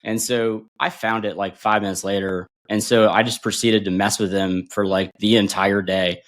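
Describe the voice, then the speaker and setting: Low-voiced man telling service stories. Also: normal speed. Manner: animated, acts out quotes with big pitch jumps and laughs. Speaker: podcast guest, former bomb disposal instructor. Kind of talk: casual storytelling.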